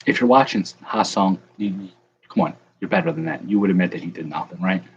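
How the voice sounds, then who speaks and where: A man's voice: low-pitched, brisk, lo-fi sound, slight background noise. A young man casually chatting with viewers on a livestream while he opens card packs, joking and calling out people in the chat by name. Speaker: card breaker livestream host.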